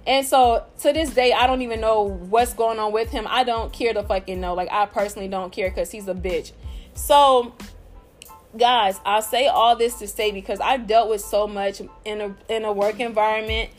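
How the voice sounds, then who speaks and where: A woman's voice: fairly high pitch, moderate pace, soft background music. A woman telling a workplace story in a casual, blunt and profane vlog style.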